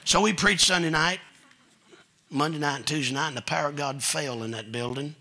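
A middle-aged man with a Kentucky accent, preaching a folksy, joking storytelling sermon that builds to loud preaching. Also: a little high, fairly quick. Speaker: guest preacher.

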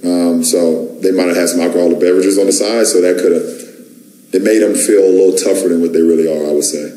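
Deep, dark-voiced athlete at a press conference. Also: male voice, steady tone, roomy sound, poor audio. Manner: measured, hedging with fillers. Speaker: pro basketball player. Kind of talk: post-game press conference.

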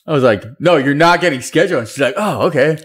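A man's voice: on the high side, very fast, fairly bright tone, breathy edge. A young man co-hosting a casual podcast, joking and often breaking into laughter. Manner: joking, laughs between sentences. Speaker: podcast co-host. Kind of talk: casual chat.

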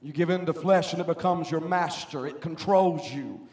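A man preaching a sermon as pastor in a church, swinging between quiet asides and loud, emphatic outbursts. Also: a little high, normal speed. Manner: preaching with rising, shouted emphasis. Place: church sanctuary.

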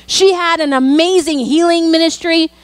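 A woman pastor delivers a sermon in a high, bright register. She tells personal stories earnestly and leans hard on emphatic asides. The sound is dry and close. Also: normal speed, no echo. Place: church.

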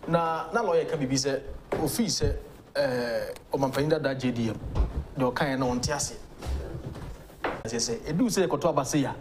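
A man's voice: medium pitch, moderate pace, pauses often, background noise. Man, Ghanaian accent, legal guest, emphatic, argumentative, political talk show.

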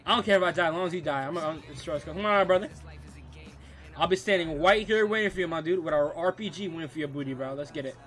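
A young man streaming gameplay live, trash-talking opponents excitably and calling everyone bro and dude. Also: a little high, fast talker, soft background music. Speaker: gaming streamer.

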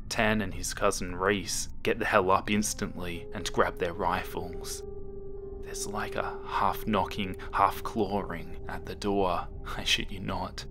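A man narrating a creepypasta horror story in a slow, hushed manner that sometimes drops to a whisper. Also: fairly low pitch.

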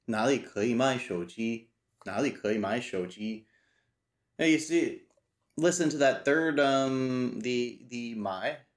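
A man talking casually through a study session, slowly repeating phrases aloud and thinking as he goes. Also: mid-range voice. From United States. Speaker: language learner teaching himself.

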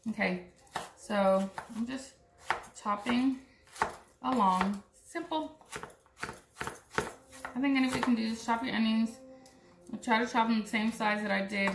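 A woman's voice: medium pitch, reverberant, background noise. A young woman from Puerto Rico, chatting and joking with viewers while she chops vegetables in her home kitchen. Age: young adult. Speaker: cooking vlogger. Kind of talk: casual cooking demo.

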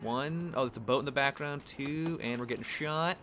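A young man giving casual, joking commentary over his own gameplay, excitable and laughing, with sudden high squeals of surprise. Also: moderate pace, background noise.

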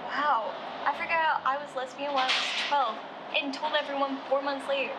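A woman's voice: high voice, steady tone, a little fast, very noisy, natural voice. A young actress playing an outspoken, self-assured lesbian sophomore girl who teases bluntly. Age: teens.

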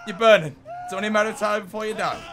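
A young man giving excitable gameplay commentary, yelling at enemies and laughing as he plays. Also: high-pitched, rapid-fire, background noise. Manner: excitable, swears mildly, often laughs and yells at enemies. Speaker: gaming YouTuber.

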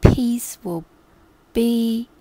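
A woman's voice: fairly high pitch, extremely slow, warm tone. A woman telling a devotional story in an intimate, often whispered way.

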